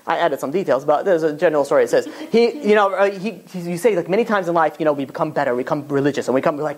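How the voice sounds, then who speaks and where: A rabbi giving a Torah class, telling stories in an animated, casual way full of fillers. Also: male voice, fairly high pitch, rapid-fire, hardly any pauses. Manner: animated storytelling, casual filler-heavy talk. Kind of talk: Torah class lecture with storytelling.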